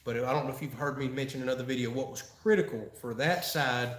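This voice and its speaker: A man's voice: medium pitch, fast talker, fairly bright tone. Folksy man, roomy sound. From Florida, USA. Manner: folksy, chatty, laughs often. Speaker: channel host answering live chat. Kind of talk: casual live-stream Q&A. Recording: roomy echo.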